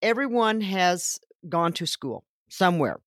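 A woman's voice: fairly low pitch, lively intonation, unhurried, no room sound, clean studio sound. A woman, a school guidance counselor, talking earnestly about students in an interview. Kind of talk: casual interview talk.

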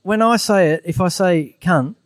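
A relaxed Australian man answers questions on a live podcast in a loose, rambling way. His voice sits fairly high. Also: normal speed, dry recording. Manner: laid-back, rambling. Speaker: guest commentator.

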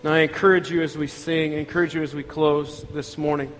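A man's voice: a little high, level tone, brisk, long reverb tail, faint music behind. A man preaching a sermon as pastor, earnest and conversational, speaking in a church sanctuary.

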